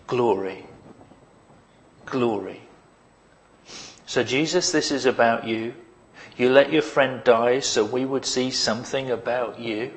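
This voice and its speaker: A man preaching a sermon in a mid-range voice. He is conversational and humorous, pressing his key points with emphasis. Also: mid-range voice.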